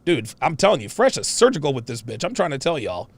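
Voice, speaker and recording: A man's voice: a little high, quick pace, no room sound. A man in his forties hosting, giving profane, mocking reaction commentary on video clips and repeating his points. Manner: mocking, animated, repeats himself.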